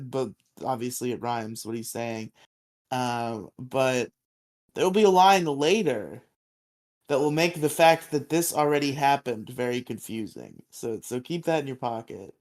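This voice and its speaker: Podcast dude recapping a show, laughs a ton, does little voices, pretty middle pitch. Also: male voice, measured pace. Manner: animated, laughs often, acts out characters' lines. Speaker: podcast co-host. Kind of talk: casual recap chat.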